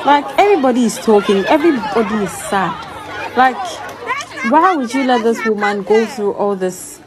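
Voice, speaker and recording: A woman's voice: mid-range voice, low-quality recording. A woman vlogging on her phone at an outdoor event, talking indignantly and exclaiming a lot. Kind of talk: casual outdoor vlog commentary.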